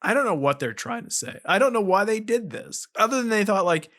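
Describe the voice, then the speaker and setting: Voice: medium pitch, big pitch swings, fairly quick, fairly bright tone. A podcast co-host in casual film chat, talking animatedly, often laughing and slipping into mock voices.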